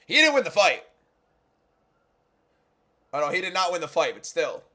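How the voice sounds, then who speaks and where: A man hosting a live fight watchalong, reacting with incredulous, repetitive exclamations that swing from low muttering to shouting. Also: sing-song, moderate pace. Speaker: watchalong host.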